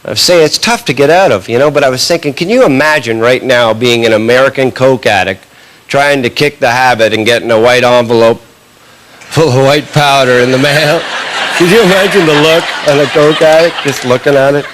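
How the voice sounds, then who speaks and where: A man from Canada doing a stand-up comedy set, telling stories and acting out the people in them with quick quoted lines. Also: mid-range voice, fairly bright tone. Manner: storytelling, acts out characters in quick quotes. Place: comedy club stage with audience laughter. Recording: live club recording with background noise.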